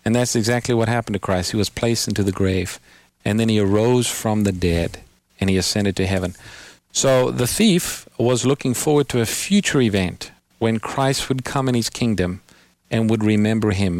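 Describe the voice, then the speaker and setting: A man hosting a call-in radio Bible program, patiently explaining scripture and slowing down to quote verses. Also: fairly low pitch, a little mellow, dry recording. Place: radio studio.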